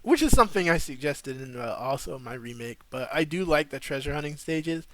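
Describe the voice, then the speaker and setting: A man's voice: a little high, lively intonation, brisk, no echo. A young man hosting a casual live stream, chatting loosely and rambling while he plays a game. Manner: laid-back, rambling, slangy. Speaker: streamer host.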